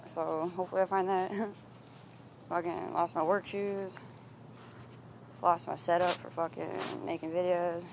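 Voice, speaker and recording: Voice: mid-range voice, little pitch movement, measured pace, creaky, pauses often, background noise. A vlogger walking outdoors and thinking aloud in a rambling, introspective monologue, swearing freely and breaking off and restarting thoughts.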